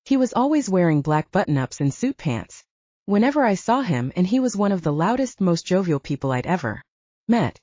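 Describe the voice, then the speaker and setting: A woman narrating a romance audiobook in expressive storytelling style. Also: lowish voice, dry recording. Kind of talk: scripted narration. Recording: dull dry audiobook recording.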